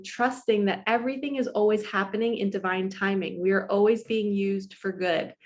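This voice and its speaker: Chatty woman tarot reader. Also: medium pitch. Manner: chatty storytelling, quotes others in lively voices. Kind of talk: casual spiritual vlog talk. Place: her apartment.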